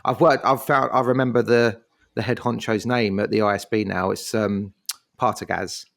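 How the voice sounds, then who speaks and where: A man's voice: on the low side, steady tone, normal speed, vocal fry. A man, co-hosting a podcast in a jokey, casual chat and acting out scenes in silly voices. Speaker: podcast co-host.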